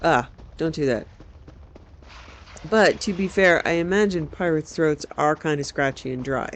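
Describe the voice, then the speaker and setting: A man's voice: on the high side, measured pace, a little hiss or hum. A man giving casual, wry commentary while playing a video game and poking fun at its voice acting. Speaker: game streamer.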